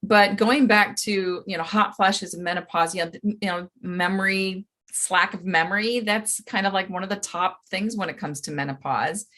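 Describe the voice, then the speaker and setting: A woman's voice: medium pitch, normal speed, hardly any pauses, fairly bright tone. A woman hosting a casual interview, supportive and restarting her sentences. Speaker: interview host.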